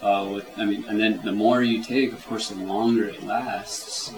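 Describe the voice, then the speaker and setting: A relaxed man with a fairly low voice talks casually as an interview guest, rambling and leaning on fillers. Crowd chatter is clearly audible behind him throughout. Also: normal speed, rough recording.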